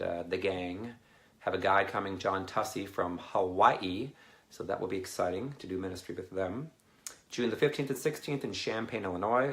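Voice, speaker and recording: A man's voice: low voice, a bit bright. A man hosting a casual livestream as a minister, chatty and rambling, reading out viewer comments. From Canada. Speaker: deliverance minister and livestream host.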